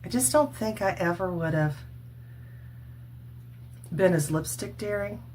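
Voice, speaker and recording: A woman's voice: mid-range voice, lively intonation, unhurried, darkish tone, a little hiss or hum. A woman in her sixties talking casually and earnestly at home to her camera, laughing now and then as she chats. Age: 60s. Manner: chatty, earnest, laughs often. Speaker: vlogger. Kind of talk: casual makeup chat and testimony.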